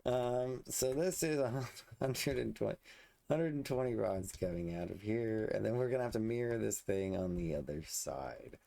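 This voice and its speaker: Low gravelly man thinking aloud. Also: normal speed, mellow. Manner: muttering, thinking aloud while building. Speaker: let's play host. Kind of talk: casual gameplay commentary.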